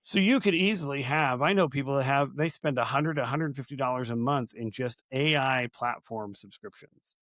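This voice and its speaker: Chatty mid-pitched man co-hosting a podcast. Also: normal speed, few pauses, fairly bright tone, dry recording, studio quality. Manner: chatty and anecdotal, builds vivid comparisons. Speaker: podcast co-host. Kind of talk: casual conversational podcast.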